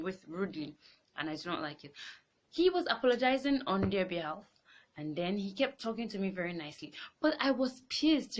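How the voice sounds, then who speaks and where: Lady vlogger ranting about her day, kinda low voice, gets worked up. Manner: animated, rising into exasperated outbursts. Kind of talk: casual storytelling to camera.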